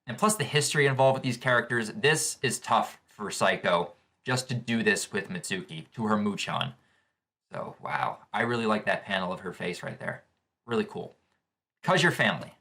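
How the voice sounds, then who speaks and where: Casting: male reaction vlogger with a bright, forward tone, describing comic pages aloud. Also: lowish voice, moderate pace, vocal fry. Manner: eager, describes panels as he reads. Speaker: manga reaction channel host. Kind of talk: live manga reading reaction.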